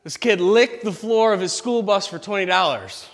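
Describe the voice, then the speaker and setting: A man gives a casual, joking sermon with big, swooping inflections. His voice sits a touch high. The sound rings out in a large hall. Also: moderate pace. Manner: animated, playful, exaggerated reactions. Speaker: pastor.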